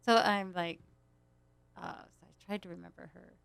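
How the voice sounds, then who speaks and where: A woman's voice: lowish voice, steady tone, moderate pace, vocal fry, a bit bright, smooth, no echo. A woman telling a rambling story in casual chat, laughing often as she goes. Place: small studio.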